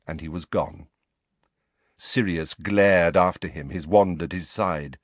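A man narrating an audiobook with an expressive storytelling reading. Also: sits low, slow, no room sound.

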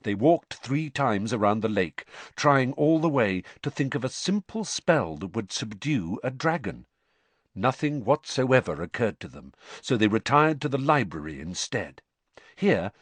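A man narrating an audiobook in an expressive storytelling manner. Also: fairly low pitch, husky, no echo. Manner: expressive, varied storytelling delivery.

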